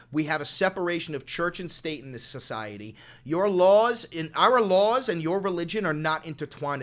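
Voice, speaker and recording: A man's voice: a little high, fairly bright tone. A young man hosting a live stream, ranting at his chat in a profane, taunting, combative way. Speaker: streamer, channel host. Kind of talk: live-stream political rant.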